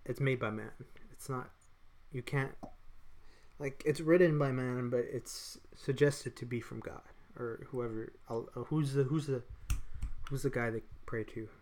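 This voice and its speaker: A man's voice: medium pitch, steady tone, unhurried, darkish tone. A man co-hosting a casual podcast, rambling loosely with frequent restarts. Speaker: podcast co-host. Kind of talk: casual chat.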